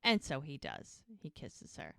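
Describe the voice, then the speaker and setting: A woman's voice: very deep voice, huge pitch swings, a little slow, creaky, a bit bright, dry recording, studio quality. A woman co-hosting a podcast, casually retelling a TV episode and acting out the characters' lines. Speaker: podcast co-host.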